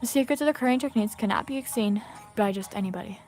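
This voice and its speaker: A woman's voice: medium pitch, fast talker, a little mellow, soft background music, natural voice. A woman voicing a stern, formal middle-aged female spirit medium who speaks stiffly and politely. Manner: stiff, formal, addresses others as good sir.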